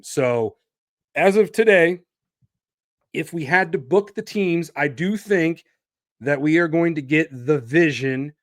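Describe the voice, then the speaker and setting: A man's voice: fairly high pitch, no room sound, clean studio sound. A man hosting a solo wrestling podcast, talking animatedly and stretching out names for emphasis. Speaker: podcast host.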